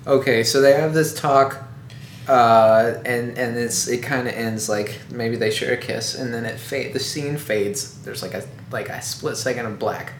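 A man's voice: medium pitch, measured pace. Jokey man chatting in an echoey room. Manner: jokey, laughs easily, argues his version. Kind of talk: casual chat, playful banter. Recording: echoey room, faint background noise.

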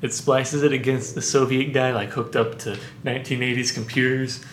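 A man's voice: medium pitch, fairly even intonation, normal speed. A man co-hosting a podcast, chiming in with wry jokes and teasing corrections. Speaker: podcast co-host. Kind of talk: casual comedic chat. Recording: echoey room with faint noise.

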